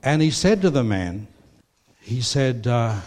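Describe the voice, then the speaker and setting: A man's voice: mid-range voice, big pitch swings, takes it slowly, darkish tone. An older man with an Australian accent, preaching a sermon and telling personal stories, with a rambling delivery full of fillers and restarts.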